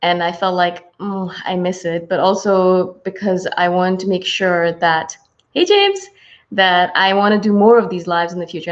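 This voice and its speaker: A woman hosting a spiritual channel, chatting casually and warmly with viewers on a livestream, full of fillers and excited asides. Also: medium pitch. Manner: bubbly, greets viewers, many fillers. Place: home, from Houston. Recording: slightly dull lo-fi livestream audio.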